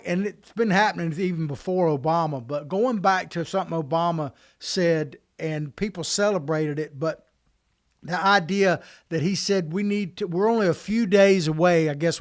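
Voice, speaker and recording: A man co-hosting a political podcast, talking emphatically in an animated way. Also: high-pitched. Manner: animated, emphatic, quick restarts. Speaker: podcast co-host.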